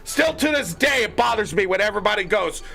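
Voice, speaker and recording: High-pitched, angry ranting man. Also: expressive, fairly quick, vocal fry, sharp tone, faint music behind. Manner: mocking quoted voices in lower tones. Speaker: gaming streamer. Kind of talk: ranting commentary.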